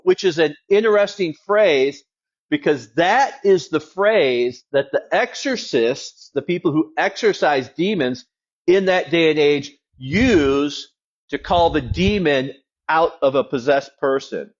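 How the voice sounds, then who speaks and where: In a church, a pastor preaches a sermon in a conversational, wry teaching tone. His voice is on the high side, expressive and slow, and the recording has a dull lo-fi sound.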